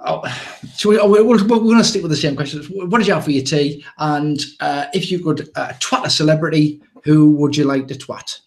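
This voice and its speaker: Rambling English bloke hosting a chat show. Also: male voice, fairly high pitch. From England. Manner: rambling, jokey, with many restarts. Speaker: podcast host. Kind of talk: casual live show chat.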